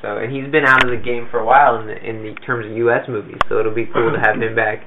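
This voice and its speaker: Gravelly low-voiced man, tinny line. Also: little pitch movement, quick pace, background noise. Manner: rambling, with many fillers and restarts. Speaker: podcast co-host and film reviewer. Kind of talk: casual chat. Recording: tinny phone-like sound.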